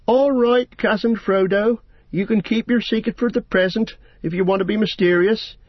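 A man's voice: high voice, steady tone, no echo, voice pushed up. A man doing a cheeky young hobbit. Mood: teasing. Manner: teasing, brisk. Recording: dull, dry lo-fi recording.

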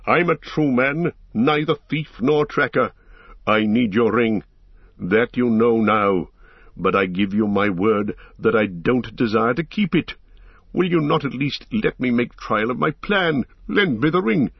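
A man's voice: medium pitch, lively intonation, a little slow, slightly rough, no echo. Give me a fervent proud warrior man, as a male narrator plays him, pleading and raging, in a dry audiobook recording. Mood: angry. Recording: slightly dull lo-fi recording.

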